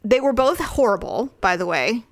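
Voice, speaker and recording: An outspoken woman co-hosts a casual chat, acting out what people said in a lifted voice. Her voice sits a little high and the recording is dry, with no room sound. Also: normal speed, dry recording. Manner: animated, swears, acts out quotes in raised voice. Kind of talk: casual chat reviewing a TV show.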